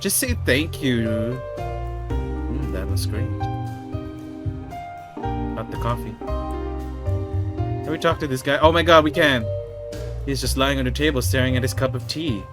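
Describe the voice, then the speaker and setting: A man giving casual let's-play commentary, excitable and quick to swear and laugh at what happens. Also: medium pitch. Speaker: gamer. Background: game music.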